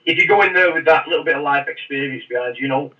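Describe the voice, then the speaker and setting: A man's voice: fairly high pitch, rapid-fire. A man, a former Royal Marine, telling stories in a casual podcast interview with a rambling, restarting manner, heard through muffled, distant audio.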